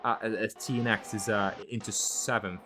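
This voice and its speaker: As lead commentator for an online racing league, a man with a fairly low voice calls the action at normal speed, though he's losing his voice. He gets excitable, his pitch climbing whenever cars crash. Slight background noise is present.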